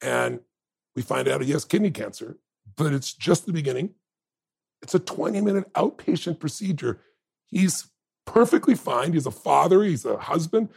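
Male interview guest with a deeply gravelly, husky voice, passionate, emotional storytelling. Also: animated, moderate pace, darkish tone. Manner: emotional, impassioned, emphatic. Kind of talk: heartfelt conversational storytelling.

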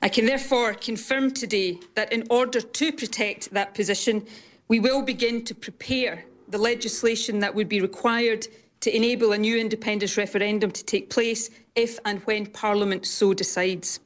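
Scottish woman politician, mid pitch, firm formal statement. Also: fairly even intonation. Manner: firm, deliberate.

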